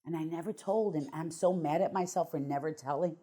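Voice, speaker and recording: A woman's voice: deep voice, fairly quick, warm tone. A middle-aged woman, a guest on an interview show, telling her life story bluntly and emotionally, with some swearing.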